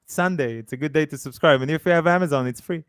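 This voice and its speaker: Smooth-voiced man co-hosting a stream. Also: on the high side, brisk, no room sound, studio quality. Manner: easygoing, loose phrasing, plugs subscriptions. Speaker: podcast co-host. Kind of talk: casual chat on a livestream.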